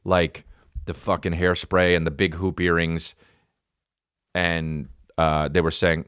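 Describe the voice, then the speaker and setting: A man's voice: sits low, level tone, slow pace, a bit bright, clean tone, no echo, clean studio sound. A man in his thirties telling a rambling, profane comic story on a podcast, with many restarts. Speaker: comedian. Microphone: studio podcast mic.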